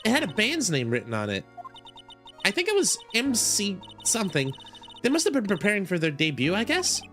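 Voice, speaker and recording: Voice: medium pitch, wildly swooping pitch, a little fast, a bit bright, faint music behind. A streamer voicing an eager, polite young woman who keeps calling people sir, reading a game aloud. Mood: chirpy. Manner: chirpy, polite, says sir. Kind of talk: reading a visual novel aloud.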